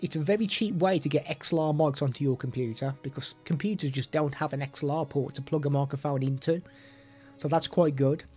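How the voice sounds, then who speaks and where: A man's voice: a little high, a little fast, warm tone, faint music behind. A man streaming live while demoing audio gadgets, chatty with self-deprecating asides, into a studio microphone. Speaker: streamer reviewing products.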